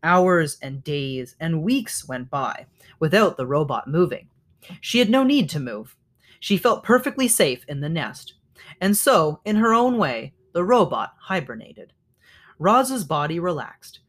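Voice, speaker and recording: A man's voice: a little high, very animated, a little slow, fairly bright tone. A man reading a children's novel aloud as narrator, wry in his framing and correcting his own small slips. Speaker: audiobook reader. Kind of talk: storybook read-aloud narration.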